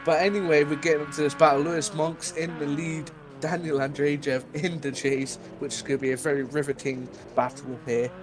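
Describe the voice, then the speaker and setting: A man's voice: fairly high pitch, flat delivery, brisk, hardly any pauses, noisy background. A young man co-commentating a virtual drift event, teasing his partner and laughing often. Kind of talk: live sim-racing commentary.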